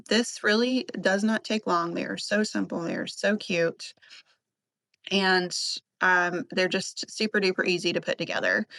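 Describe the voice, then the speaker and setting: A woman's voice: lowish voice, bright, forceful tone, dry recording. A woman with a Southern accent hosting a crafting tutorial, talking through her steps in a chatty, enthusiastic way with lots of little fillers. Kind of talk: casual crafting voice-over.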